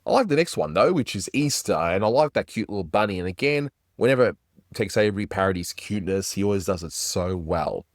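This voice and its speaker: A man's voice: low-pitched, lively intonation, a little fast, soft background music. A man hosting an animation review, talking in a chatty, enthusiastic way. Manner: enthusiastic, chatty, does little voice impressions. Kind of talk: casual review commentary.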